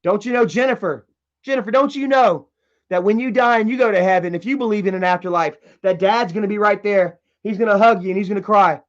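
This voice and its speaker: A man's voice: sits high, fast talker, highs cut off. A man livestreaming from home, reading chat messages aloud and ranting in a heated, profane way. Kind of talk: casual livestream rant.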